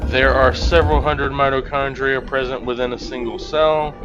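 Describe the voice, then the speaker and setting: A man's voice: mid-range voice, little pitch movement, moderate pace, muffled recording, over music, lightly acted. A man putting on a pompous mad scientist with a mock German accent. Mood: lecturing. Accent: put-on German, drifting Scottish. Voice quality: theatrical, Dracula-like. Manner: lecturing, grandiose. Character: eccentric male scientist, pompous and menacing.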